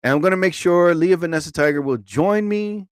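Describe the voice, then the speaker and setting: A man's voice: sits high, brisk, smooth, no echo. A man hosting a casual live stream, rambling and joking as he talks to his viewers.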